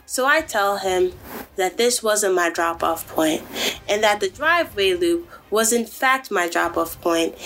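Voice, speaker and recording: A woman hosting a podcast, telling a story in a casual monologue, animated and profane, often addressing her listeners directly. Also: medium pitch, slight background noise. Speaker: podcast host.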